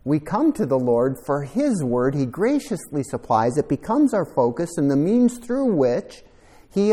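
A man's voice: mid-range voice, mellow. A man preaching a conversational sermon, reflective and thinking aloud, sometimes repeating a word as he goes. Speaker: pastor.

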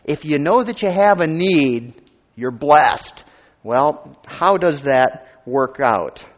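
A man's voice: on the high side, lively intonation, slow pace. A man preaching a sermon as pastor, earnest and conversational, stressing scripture lines with rising emphasis. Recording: long hall reverb.

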